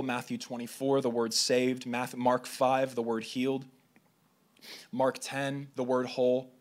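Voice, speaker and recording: A man giving a sermon to a gathering, pitched at an everyday middle level for a man. He reads scripture passages aloud in a running, conversational way. He sometimes trips and restarts his phrases. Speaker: preacher.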